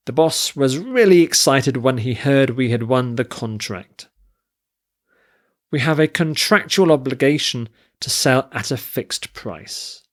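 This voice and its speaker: Slow, deliberate male English teacher. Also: medium pitch. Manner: slow, deliberate, spells out word forms and stress. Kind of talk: vocabulary lesson.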